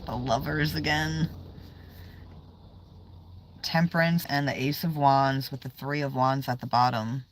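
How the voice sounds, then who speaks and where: A woman's voice: rumbling low, steady tone, a little slow, pauses often, a little hiss or hum. A woman chatting casually on a tarot livestream, swearing freely, trailing off and now and then dropping to a whisper. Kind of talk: casual live-stream chat.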